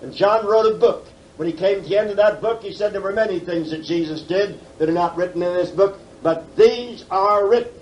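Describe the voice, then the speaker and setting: A man in his seventies teaches scripture at a conference, hammering home points with rhetorical questions and dry folksy humor. The old tape carries a faint steady hiss behind him. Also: sits high, a little fast, few pauses, low-quality recording. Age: 70s. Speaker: Bible teacher. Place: conference hall. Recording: faint background noise, 1979 tape.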